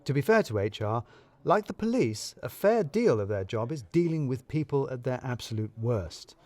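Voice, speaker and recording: A man's voice: medium pitch, very animated, moderate pace, mellow, no echo. A man narrating a first-person story in a wry, dry, self-mocking way.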